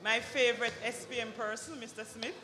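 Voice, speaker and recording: A woman hosting an awards dinner, calling up recipients with playful jokes and quick apologies for her slips. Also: on the high side. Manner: lively, joking, apologizes for slips. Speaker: awards ceremony host. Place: banquet hall at an awards dinner. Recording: long hall reverb with loud music.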